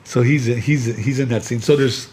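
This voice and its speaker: A man's voice: medium pitch, moderate pace, a little mellow. A man who created the comic, chatting casually and rambling as he comments on the film. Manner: laid-back, rambling, trailing off. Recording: faint background noise.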